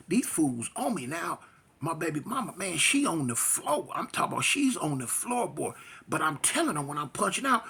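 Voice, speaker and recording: Raspy, animated man telling a street story. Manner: animated, slangy, sound effects like "boom".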